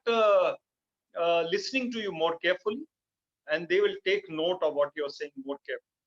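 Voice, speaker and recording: A man teaches over a video call, and his voice sits fairly high. He stresses key words and fills his pauses with "uh". The audio is dull and lo-fi. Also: a bit bright. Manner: emphatic, many "uh" fillers, repeats for stress. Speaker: speaker giving a talk on public speaking. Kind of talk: online lecture with fillers.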